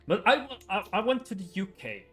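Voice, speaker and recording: A man's voice: high voice, sing-song, a little fast, a bit bright. A young man chatting casually on a gaming livestream, rambling with frequent chuckles and filler words.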